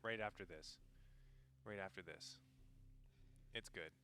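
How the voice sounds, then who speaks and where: Canadian male stream co-caster, bright forceful voice, teasing banter. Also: low-pitched, unhurried, a little hiss or hum. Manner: jokey, playful teasing. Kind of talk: casual commentary banter.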